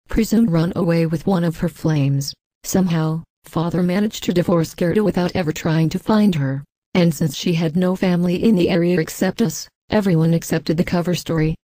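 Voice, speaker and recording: Woman narrator, scripted story reading, even delivery, dark mellow tone. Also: on the low side, dry recording. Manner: even, reads punctuation marks aloud.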